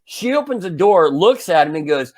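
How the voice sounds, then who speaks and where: With a high-pitched voice at normal speed, this forties-aged podcast co-host spins a casual tale. He's an animated storyteller who performs the parts himself, even acting out his own yelling.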